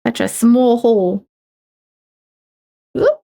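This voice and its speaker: A woman's voice: a little high, big pitch swings, slow pace, mellow. A woman streamer chatting casually while she cross-stitches at home, rambling and poking fun at herself as she tells stories. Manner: chatty, self-mocking, rambling storytelling.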